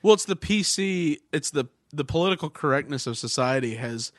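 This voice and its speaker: A man's voice: a little high, lively intonation, fairly quick, dry recording. A male podcast co-host explaining politics in a casual chat, with dry humor. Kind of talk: casual discussion.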